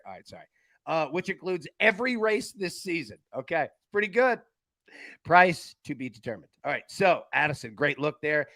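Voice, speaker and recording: A man's voice: a little high, big pitch swings, moderate pace, creaky, pushed and bright, dry recording. A man hosting a live sports betting show, upbeat, rattling off picks and reading chat comments aloud.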